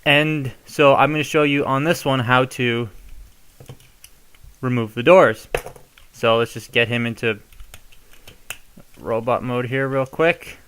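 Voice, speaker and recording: A man's voice: medium pitch, takes it slowly, pauses often, a bit bright, a little hiss or hum. A young man casually showing how to modify a toy, chatty and given to rambling asides. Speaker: toy reviewer. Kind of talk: casual hands-on tutorial.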